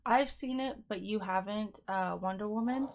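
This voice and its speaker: A woman's voice: medium pitch, normal speed. Female podcast co-host, chatty and playful, casual delivery.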